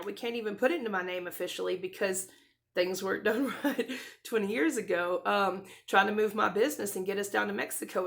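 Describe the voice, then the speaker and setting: A woman in her thirties talking to her camera in a casual, rambling way, with many restarts and soft laughs, close to tears. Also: medium pitch, creaky. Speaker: vlogger.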